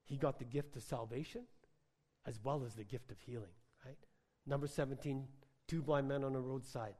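A man preaching a sermon in a conversational, animated storytelling way, full of filler words. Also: mid-range voice, moderate pace. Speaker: pastor. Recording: long hall reverb.

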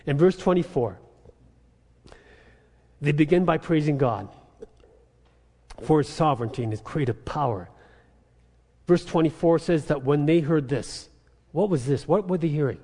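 A man preaching a sermon as pastor, telling animated stories about frustrating phone calls and asking the congregation "amen?". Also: fairly high pitch, measured pace, pauses often, long reverb tail. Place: church sanctuary.

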